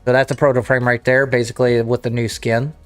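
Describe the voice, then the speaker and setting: A man's voice: medium pitch, level tone, quick pace, faint music behind. A man streaming a game, chatting casually with his viewers and thinking aloud as he restarts his sentences. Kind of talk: casual livestream chat to viewers.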